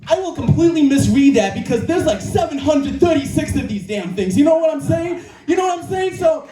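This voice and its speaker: This personal motivational talk comes from a man with a very high, lively voice who speaks briskly, earnest and emphatic, often circling back to his key phrases. It was captured far off in an echoey room at an indoor creative venue before a live audience, with faint music underneath.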